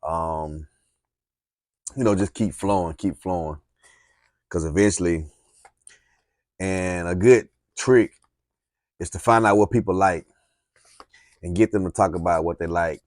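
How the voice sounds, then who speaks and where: A man with a very deep voice and a Southern US accent gives relaxed, encouraging speaking tips. He rambles a little and says "um" now and then. The recording is dry and close, with no room sound. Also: unhurried, long pauses, no room sound. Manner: relaxed, encouraging, rambling with fillers and reading aloud. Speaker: speaking coach. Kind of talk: casual instructional talk.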